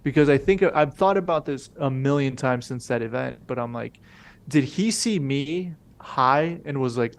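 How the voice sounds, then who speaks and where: A young podcast co-host with a gravelly, fry-edged voice at a middle pitch. He rambles through a slangy, profane story and slips into the voices of the people in it. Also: moderate pace. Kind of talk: casual chat, storytelling.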